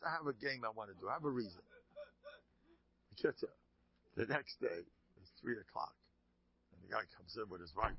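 A man's voice: sits low, moderate pace, gravelly, pauses often, slightly rough, dry recording. A man giving a religious talk, telling stories and acting out the characters in them. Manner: animated, acts out characters in stories. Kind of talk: sermon with storytelling. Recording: dull lo-fi recording.

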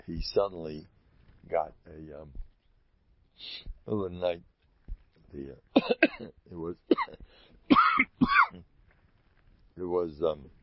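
A man telling stories in an animated, rambling way, chuckling and restarting his sentences often. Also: deep voice, breathy edge. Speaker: Hasidic storyteller giving a talk. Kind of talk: informal storytelling talk. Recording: dull lo-fi dry recording.

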